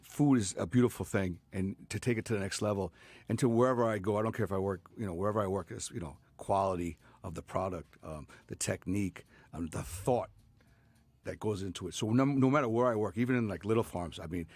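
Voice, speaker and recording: A man's voice: on the low side, fast talker, a little mellow, no room sound. A man in his fifties, a chef guest in a radio studio, chatting casually with many fillers and restarts. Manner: rambling, lots of fillers and restarts.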